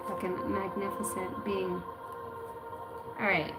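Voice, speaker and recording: A woman runs a livestream card reading in a casual, profane way, sometimes slipping into chanting. Her voice sits in a roomy, echoing space. Music plays clearly behind her. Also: fairly low pitch, level tone, normal speed. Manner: loose, profane, bursts into chanting. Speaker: intuitive card reader.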